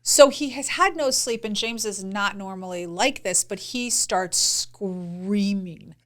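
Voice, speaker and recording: A middle-aged woman co-hosting a podcast, telling a story in an animated, laughing way and acting out quotes. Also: mid-range voice, slow pace. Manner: animated, laughs through stories, acts out quotes. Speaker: podcast co-host. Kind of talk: casual storytelling chat.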